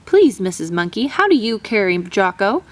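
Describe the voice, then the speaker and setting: A woman's voice: mid-range voice, sing-song, normal speed, natural voice. A woman voicing an anxious mother kangaroo with no pocket, pleading and tearful, in a storybook reading. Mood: hopeful.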